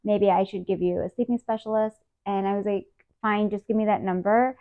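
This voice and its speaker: A woman's voice: medium pitch, a little fast. A woman in her thirties, an interview guest, candidly recounting a hard personal experience and acting out the dialogue. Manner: emotional, animated retelling with quoted dialogue. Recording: tinny phone-like sound.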